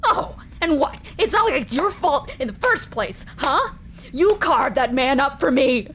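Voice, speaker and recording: A woman voicing a bitter, vengeful male creature in a tabletop game, shouting and crying through the accusations. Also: high-pitched, very animated, a little slow, a little hiss or hum, pitched above the performer's own voice, heavily acted. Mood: sneering.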